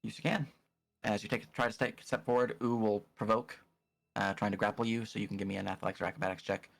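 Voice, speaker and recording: A man's voice: on the low side, steady tone, fast talker, creaky, fairly bright tone. A man narrating a tabletop game as game master, casual and hesitant, with many fillers and restarts.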